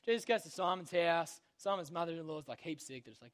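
A man's voice: on the high side, fast. A young man giving a casual, slangy Bible lesson to children, constantly checking in with "okay?". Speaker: youth Bible teacher.

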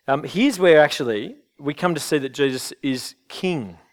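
A man's voice: a little high, lively intonation, moderate pace. A man preaching a sermon in an earnest, conversational way, often restarting his phrases. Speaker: pastor.

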